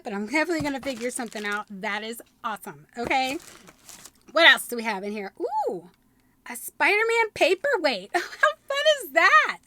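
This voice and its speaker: Gushing, excitable woman with a high voice. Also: a little hiss or hum. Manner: gushing and excitable, frequent gasps. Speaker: vlogger. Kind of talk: unboxing chat to camera. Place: home room.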